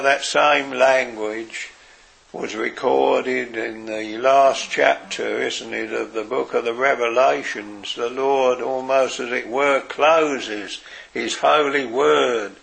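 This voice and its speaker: A man preaching a sermon in an earnest way, dropping his voice softly for quoted words. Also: medium pitch, gravelly. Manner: slow, earnest preaching with soft, quiet quoted phrases.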